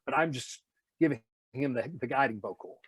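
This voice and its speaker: Animated man telling stories, dry sound. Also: mid-range voice, fairly quick, breathy edge, no echo. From Nashville, USA. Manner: animated, slips into announcer voices and laughs while telling stories. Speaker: voice actor and singer, guest. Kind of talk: casual interview storytelling.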